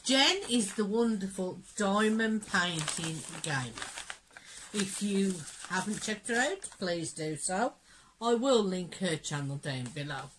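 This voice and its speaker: A woman with a croaky voice from being unwell, chatting gently and enthusiastically as she opens mail from a friend on her craft channel. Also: mid-range voice, lively intonation, slow, noisy background. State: hoarse, croaky from illness. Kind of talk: casual chat opening mail.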